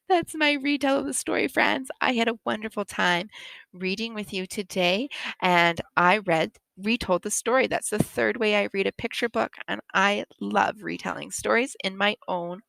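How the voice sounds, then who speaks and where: A woman teacher retelling a picture book to children, animated and expressive, with frequent laughs. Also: mid-range voice, moderate pace, gravelly, dry recording.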